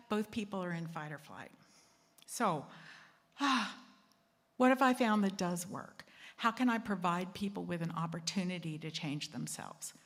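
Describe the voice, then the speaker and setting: Woman, host, slow talk, self-deprecating, acts out quotes, hall reverb. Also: on the low side, lively intonation. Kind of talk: talk at a secular assembly.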